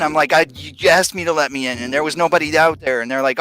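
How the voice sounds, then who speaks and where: A man's voice: on the high side, fast talker, a bit bright, poor audio. A man hosting a casual live stream chat, rambling and venting with lots of fillers and restarts. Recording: faint music behind.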